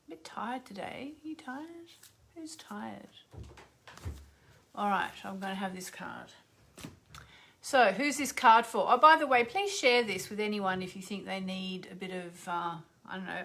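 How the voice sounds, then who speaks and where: A woman's voice: mid-range voice, vocal fry, fairly bright tone, slight background noise. A middle-aged woman, an astrologer and radio host, chatting casually with viewers on a livestream and greeting them by name.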